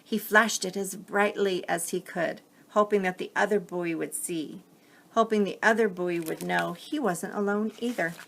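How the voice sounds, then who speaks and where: A woman reading a picture book aloud to children as a teacher, gently pausing to explain the story. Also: mid-range voice, creaky, a little hiss or hum.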